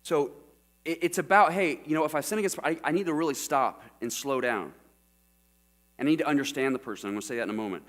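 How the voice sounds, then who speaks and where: This middle-aged pastor's sermon comes out fast and expressive, in a higher, fairly bright voice, with frequent questions directed at the congregation. The church recording is marked by mains hum.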